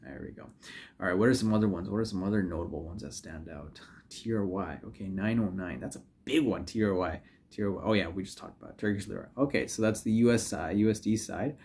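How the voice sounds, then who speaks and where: A man's voice: sits low, fast talker, creaky, a little mellow. A man hosting a trading channel, talking casually over his screen, rambling, joking and correcting himself with lots of fillers. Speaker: forex trading YouTuber. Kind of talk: casual screen-share commentary.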